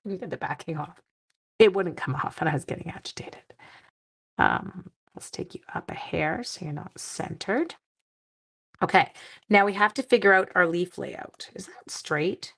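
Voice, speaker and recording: A middle-aged woman from Canada chats playfully through a card-making livestream, her low voice gravelly and a little husky. She sounds tired but keeps talking to her viewers as she works. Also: normal speed, a bit bright. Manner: playful, chatty, talks to viewers while working. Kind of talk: casual crafting livestream chat.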